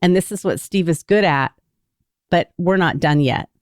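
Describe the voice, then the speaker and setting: A woman in her sixties speaks in a low, clear, resonant voice. She talks openly and thoughtfully through her own feelings, like a former therapist telling a personal story. The sound is dry and close. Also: normal speed, a little mellow, no room sound. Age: 60s. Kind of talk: personal storytelling in a candid podcast conversation.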